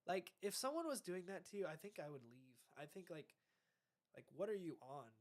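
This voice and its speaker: A man's voice: sits high, big pitch swings, normal speed. A young man hosting a casual podcast, reacting to dating tips in a rambling way, often trailing off and correcting himself. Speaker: podcast host.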